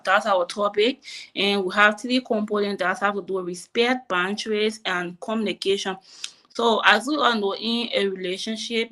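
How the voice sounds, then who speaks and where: Woman, panelist, mid pitch, rambling, many fillers, streamed call. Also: a bit bright. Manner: rambling, frequent "um" and "you know". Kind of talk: online panel discussion. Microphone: remote streaming call.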